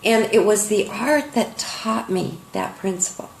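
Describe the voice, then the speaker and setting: A woman's voice: medium pitch, measured pace, creaky, roomy sound, a little hiss or hum, poor audio. An older woman art teacher telling a heartfelt, emotional story to her students in an online lesson.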